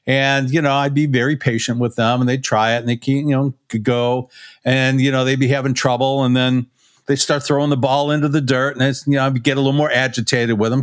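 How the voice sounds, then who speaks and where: A man's voice: medium pitch, level tone, a little fast, clean tone. Rambling man telling coaching stories. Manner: rambling, anecdotal, many "you know" fillers. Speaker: podcast co-host, pitching coach. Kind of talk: casual podcast chat, storytelling.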